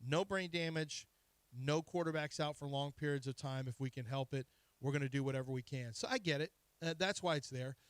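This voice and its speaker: A man's voice: on the high side, fairly quick, smooth, no echo. A man hosting a sports radio show, joking and teasing himself in casual studio banter. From Kansas, raised in Texas. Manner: joking, self-deprecating, laughs at himself. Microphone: studio microphone.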